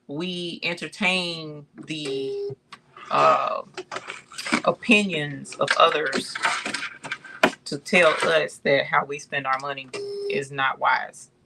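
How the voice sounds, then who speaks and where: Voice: medium pitch, background noise. An embroidery channel host chatting casually on a livestream, calling viewers y'all and reading out chat comments.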